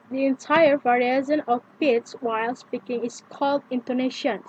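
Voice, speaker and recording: A young adult woman, a native Indonesian speaker, reading a prepared pronunciation lesson aloud and slowly repeating example words. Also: high voice, fairly even intonation. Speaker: student presenting pronunciation lesson. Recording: dull lo-fi with faint noise.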